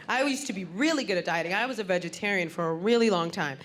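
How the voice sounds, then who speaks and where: A woman's voice: medium pitch, quick pace, hardly any pauses. Punchy woman doing stand-up before a crowd. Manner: punchy storytelling, acts out other people's voices. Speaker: stand-up comedian. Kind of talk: stand-up comedy set. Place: comedy stage. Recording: live club set with audible crowd and noise. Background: audience laughter and room noise.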